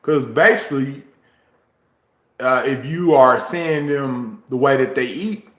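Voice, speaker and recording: A man talking casually on his livestream, rambling slowly and filling pauses with ums. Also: medium pitch, a bit bright, echoey room. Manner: slow, drawn-out, rambling talk with frequent ums. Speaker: YouTuber streaming a chat. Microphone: phone, recorded while walking.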